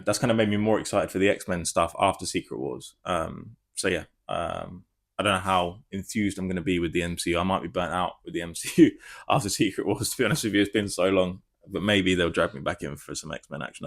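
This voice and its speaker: Excitable rambling man. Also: sits low, brisk, gravelly. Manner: excitable, rambling, swears freely. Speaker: film reviewer. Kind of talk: casual spoiler review.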